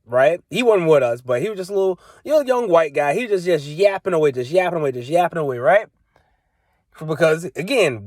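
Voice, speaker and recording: A man's voice: fairly high pitch, no room sound. Exasperated young man telling a story. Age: young adult. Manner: exasperated, repetitive, emphatic. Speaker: vlogger. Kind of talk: casual storytelling.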